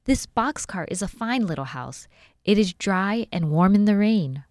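A woman's voice: medium pitch, animated, a little slow, darkish tone, no room sound, clean studio sound, voice pushed up, lightly acted. A woman voicing an eager, resourceful young girl, the oldest sister, in a storybook reading, with a raised, urging voice. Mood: pleading.

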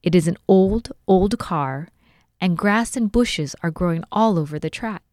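A sensible older brother , read by a woman, with a firm, calming way of talking. Her voice sits on the low side for a woman, and the recording is dry and close. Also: a little slow, dry recording, close to an everyday voice. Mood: reassuring.

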